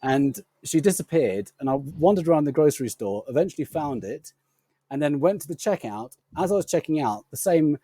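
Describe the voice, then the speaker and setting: A man with a non-rhotic accent tells animated stories on a casual podcast. His voice is mellow and lively, with wide swings in pitch. The room sound is dry and close. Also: fairly quick, breathy edge, no echo. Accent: non-rhotic English, drops R sounds. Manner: animated, laughing anecdote teller. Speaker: podcast guest. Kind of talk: casual storytelling chat.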